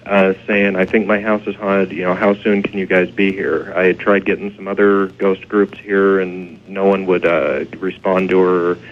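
A man's voice: sits low, level tone, normal speed, few pauses, slight background noise. Hesitant male investigator on the phone. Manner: hesitant, storytelling. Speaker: paranormal investigator guest. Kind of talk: radio interview. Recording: tinny phone line.

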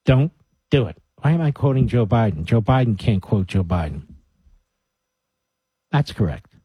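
A man's voice: on the low side, sing-song, normal speed, dark tone, slightly rough, no echo. A man hosting a radio talk show, giving an emphatic monologue to his listeners with mocking asides. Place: radio studio.

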